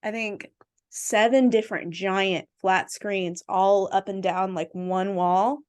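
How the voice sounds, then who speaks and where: A woman hosts a podcast in a relaxed, chatty way, telling stories about her family with quick asides. Her voice sits at an everyday middle pitch. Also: smooth. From family from Jamaica. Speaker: podcast host. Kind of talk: casual chat.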